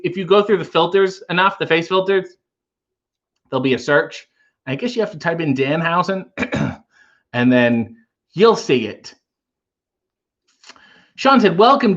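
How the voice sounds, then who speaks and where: A man's voice: a little high, sharp tone, dull audio. A man hosting a casual livestream, reading viewer comments aloud and riffing on them with wry humor. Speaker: livestream host reading chat.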